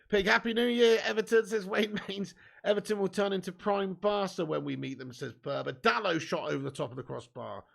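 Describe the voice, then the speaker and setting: A young man with a fairly high, gravelly voice hosts a live football watch-along, commentating and reading out viewer comments. He swears a lot, laughs often, banters with viewers and gets excited at chances and goals.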